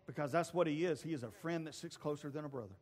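A male pastor preaching a sermon, telling stories with acted voices and occasional shouts. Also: fairly high pitch, quick pace, big-room sound. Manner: storytelling preacher acting out voices, shouting at peaks. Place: church sanctuary.

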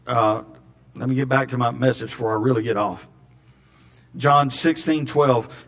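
A man's voice: mid-range voice, moderate pace, pauses often. A man preaching a sermon in a folksy, storytelling way, often repeating words. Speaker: pastor.

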